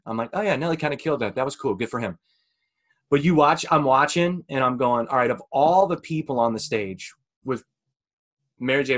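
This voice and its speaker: Casting: man in his thirties, podcast co-host, mid-pitched voice, animated and profane storyteller. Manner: animated storyteller, swears freely, acts out his own reactions. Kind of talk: casual podcast chat.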